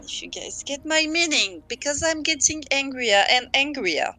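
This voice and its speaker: A woman taking part in a tabletop game as a player, speaking slowly and deliberately. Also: high voice, expressive, pushed and bright. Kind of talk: tabletop role-play.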